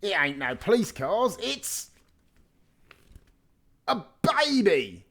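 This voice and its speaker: Burglar Bill, a man doing a rough slangy crook. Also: medium pitch, sing-song, a little slow, pushed and bright, exaggerated voice. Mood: alarmed. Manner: slangy, ungrammatical speech. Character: rough-spoken male burglar, gruff but kindly.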